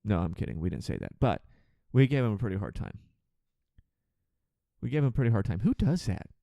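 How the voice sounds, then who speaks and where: A man's voice: fairly low pitch, sing-song, fairly quick, creaky, dark tone, no room sound, lo-fi sound. A man hosting a solo podcast, ranting with sarcastic, profane exasperation about his work as a flight attendant.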